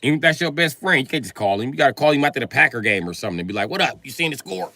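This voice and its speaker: A male comedian telling profane comic stories in a live monologue, acting out both sides of conversations and breaking into loud shouts. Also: animated, very fast, a little hiss or hum. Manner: jumps to loud high shouts when acting out scenes.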